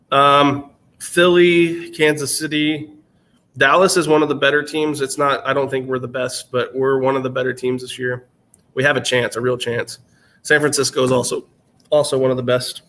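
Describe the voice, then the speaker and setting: His voice is medium in pitch, fairly bright, and fairly flat in melody, moving at normal speed. He's a twenties-aged channel host with a general American accent, casually answering live-stream questions from chat, sounding worn out and rambling with frequent fillers and restarts.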